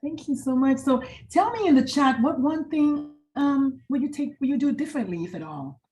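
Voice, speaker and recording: A middle-aged woman presenter on a video call from a hotel room, chatting warmly and greeting each attendee by name. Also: high voice, lively intonation, normal speed. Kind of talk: casual online talk wrap-up.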